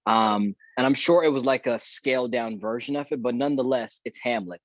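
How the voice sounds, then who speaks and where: A man's voice: medium pitch, fairly quick, no room sound. A man who is a guest actor, telling a story in a casual podcast chat and acting out the dialogue he remembers. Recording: dull, dry lo-fi audio.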